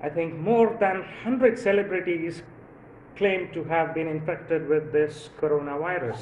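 A man's voice: on the high side, fairly even intonation, measured pace, reverberant, heavy background noise. A man from India doing a rambling stand-up comedy monologue, full of fillers and chuckles at his own jokes.

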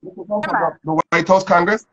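Male host, casual interview chat, rambling and relaxed, dull lo-fi recording. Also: sits high, a little fast, over a noisy crowd. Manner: rambling, laid-back, many fillers. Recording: dull lo-fi sound.

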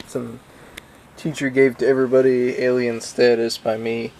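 A man's voice: mid-range voice, level tone, moderate pace, vocal fry, a little mellow, a little hiss or hum. A young man casually reading a book he made as a child, with wry asides and frequent ums. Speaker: YouTuber.

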